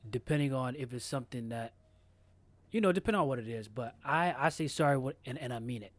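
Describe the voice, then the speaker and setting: A man co-hosting a podcast in casual chat, speaking in a measured, questioning way and often clearing his throat. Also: medium pitch, lively intonation, no echo. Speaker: podcast co-host.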